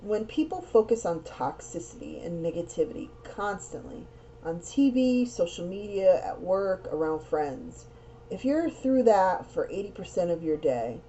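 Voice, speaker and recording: A young woman gives a casual tarot reading, talking earnestly and at length and circling back to repeat her words. Her voice is mellow and warm rather than bright. The recording sounds dull and lo-fi, with a faint hiss underneath. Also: on the low side. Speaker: tarot reader. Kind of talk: casual spiritual card reading.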